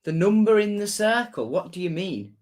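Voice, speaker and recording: A young man with a fairly high voice hosts a casual football fan livestream. He chats loosely, reads out viewer comments and drops jokey asides as he goes. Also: big pitch swings, moderate pace, a little mellow.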